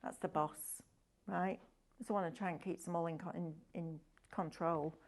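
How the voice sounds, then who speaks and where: A woman's voice: lowish voice, steady tone, normal speed. A woman presenting a craft shopping show, upbeat and enthusiastic, chatting and asking tag questions as she demonstrates products. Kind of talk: chatty live sales demonstration.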